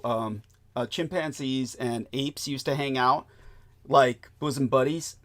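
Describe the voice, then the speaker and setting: A man hosting a casual talk show, lecturing in a rambling, profane way with lots of fillers. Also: medium pitch. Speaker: host.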